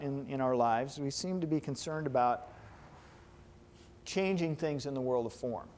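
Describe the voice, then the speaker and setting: A man's voice: mid-range voice, a little mellow, a little hiss or hum. A man giving a classroom lecture on hypnotherapy, talking conversationally and checking in with his students with questions.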